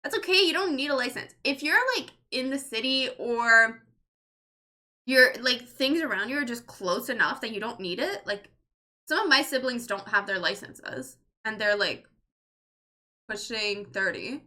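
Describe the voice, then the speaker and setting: A woman in her thirties with a fairly high, sharp-toned voice chats casually on a livestream. As a streamer reading chat, she rambles, says "like" a lot, and swears freely.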